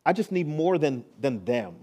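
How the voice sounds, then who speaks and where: A male pastor preaching a sermon, moving between hushed, intimate lines and rising, emphatic ones. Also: on the high side, sing-song, normal speed, breathy edge.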